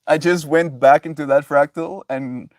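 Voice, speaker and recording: On a livestream, a man muses on love and forgiveness in a rambling, filler-heavy way, laughing often as he reads chat. His voice is a little high and mellow with fairly even intonation and a slightly slow pace, captured in a dry, studio-quality recording.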